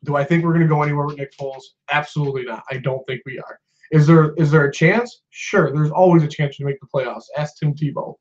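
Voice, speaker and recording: A man's voice: on the high side, fairly even intonation, fast. A man ranting as a sports fan vlogger. He sounds agitated, swears often and repeats himself. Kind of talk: upset sports rant. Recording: dull lo-fi recording.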